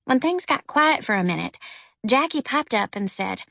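A woman narrating a children's novel as an audiobook, with a gentle storytelling manner. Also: expressive, moderate pace, creaky, no echo. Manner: gentle storytelling, lifts pitch for characters' lines. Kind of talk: scripted narration.

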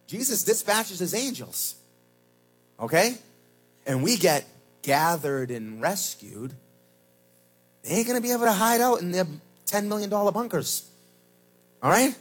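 A male pastor with a high, husky voice delivers a sermon, rising to shouts and dropping to low, hushed lines. Faint music plays underneath. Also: big pitch swings, unhurried, long pauses, rough recording. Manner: swings from loud preaching shouts to low quiet asides.

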